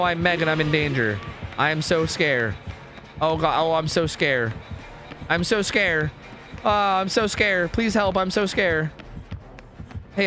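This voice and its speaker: A man voicing a panicky, timid young woman in a game, whimpering in broken baby talk. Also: a little high.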